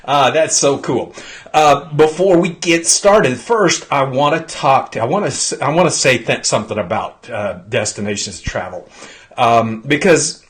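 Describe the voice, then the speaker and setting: A man hosting a live stream, his throat clogged from pollen. He talks in an excitable, rambling way and greets viewers one by one. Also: mid-range voice, normal speed. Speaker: host.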